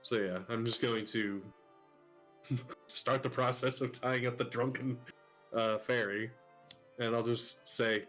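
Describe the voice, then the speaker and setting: A man's voice: medium pitch, fairly even intonation, slow, long pauses, a bit bright, soft background music. Laughing man playing a tabletop game. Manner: laughing, describes his character's actions. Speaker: player. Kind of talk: casual tabletop role-play.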